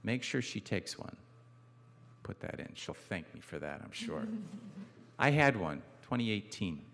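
A man preaching a guest sermon in a church, conversational and lightly humorous, dropping soft and low on key phrases. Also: big pitch swings, measured pace, vocal fry. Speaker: guest pastor. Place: church sanctuary. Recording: reverberant church hall.

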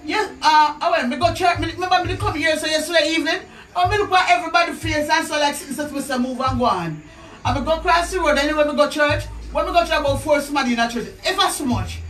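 A woman with a Jamaican accent telling her side of a dispute in rambling, animated patois. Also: sits high, fast, roomy sound, distant mic, soft background music. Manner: animated, rambling, speaks in patois with many restarts. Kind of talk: casual spoken storytelling.

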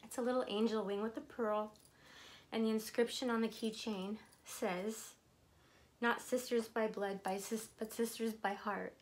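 Slow-talking woman vlogger, gushing. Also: on the high side, steady tone. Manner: emotional, tearful and gushing; slow, drawn-out delivery. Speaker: vlogger unboxing gifts. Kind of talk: casual chat to camera.

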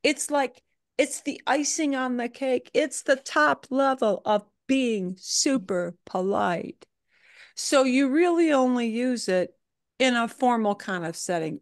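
A woman teaching a beginner Spanish class, explaining grammar in a chatty, lively way. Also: a little high, no echo, clean studio sound. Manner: chatty, animated, acts out examples in funny voices. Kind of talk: online language class, explaining.

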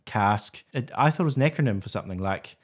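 A man's voice: medium pitch, expressive, slightly rough. A man co-hosting a casual chat, opinionated and playful. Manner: opinionated, playful, quick asides. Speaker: whisky YouTuber co-host.

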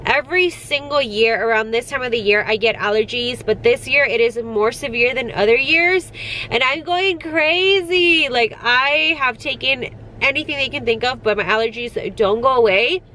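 A woman's voice: on the high side, moderate pace, pushed and bright, slight background noise. A young woman vlogging about her family in casual chat, with a stuffy nose and lots of "like" and "guys".

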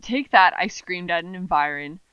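A woman's voice: on the low side, normal speed, clean tone, no echo, highs cut off. A woman co-hosting a comedy podcast, incredulously picking apart clumsy sentences. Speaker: podcast co-host. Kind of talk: casual comedic chat.

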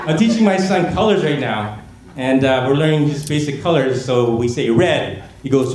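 A man performing a stand-up comedy set on a gala stage, telling stories in a deadpan way and mimicking family members' voices. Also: medium pitch, normal speed, a loud crowd. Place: gala stage before a laughing audience. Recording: echoey hall with audience noise.

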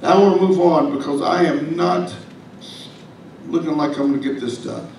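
A man's voice: fairly high pitch, normal speed, darkish tone, very echoey, recorded from a distance, slight background noise, low-quality recording. A man preaching a sermon as pastor, folksy and humorous, with asides to the congregation. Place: church sanctuary.

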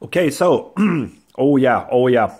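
A man's voice: mid-range voice, expressive, slow, darkish tone, breathy edge. A man hosting a casual beer review vlog, chatty and talking to viewers as guys, often saying "I would say". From Sweden. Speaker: beer reviewer, channel host.

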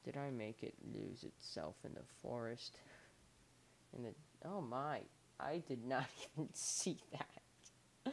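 This young gamer speaks slowly in a creaky, medium-pitched voice during playful let's play commentary. Like someone addressing a pet, he keeps coaxing an animal forward with lots of repeated encouragement.

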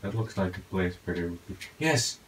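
Very deep-voiced man narrating gameplay. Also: normal speed, a little hiss or hum, low-quality recording. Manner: talks to himself, excitable outbursts. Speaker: gaming YouTuber. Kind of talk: casual gameplay commentary.

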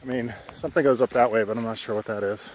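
A man's voice: medium pitch, fairly even intonation, fast talker. An older man vlogging a hike, short of breath and thinking aloud with lots of fillers, recorded outdoors on a camera. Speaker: hiking vlogger. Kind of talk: casual vlog narration. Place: outdoors on a wooded trail by a stream. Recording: noisy outdoor camera audio. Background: running water and nature ambience.

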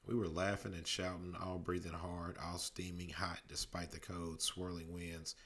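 A father reads a children's storybook aloud at bedtime in a deep, low voice. His narration is steady, and he slips into character voices along the way. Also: moderate pace. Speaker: dad reading a bedtime story.

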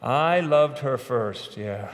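Preaching in a big church sanctuary, a middle-aged pastor delivers a conversational sermon built on personal stories and self-deprecating humor. He speaks slowly and expressively at a medium pitch, and the long reverb of the hall fills the recording.

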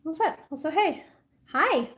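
A woman hosting a casual livestream from home, talking to her puppy in a high sing-song voice as she walks her in and out of the garden. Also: expressive, unhurried, a bit bright, poor audio. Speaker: livestream host. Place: at home, moving indoors and out to the garden.

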